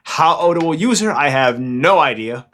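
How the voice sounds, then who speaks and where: A fast, excitable young man rambles casually through his fan commentary, and his voice sits a little higher than most men's. He jumps from point to point with eager energy. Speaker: anime commentary channel host.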